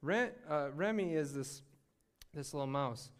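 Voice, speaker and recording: Animated young male preacher. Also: on the high side, measured pace. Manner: animated, conversational preaching with frequent restarts. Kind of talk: sermon.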